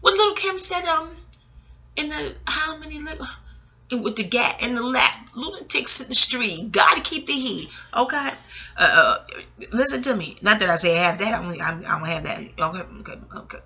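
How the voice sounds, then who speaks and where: Her voice sits on the high side and moves at a normal pace. A late-forties audio blogger, she spins family stories in a chatty, frank, meandering way, talking back to herself animatedly, tossing in laughing asides, and cursing freely.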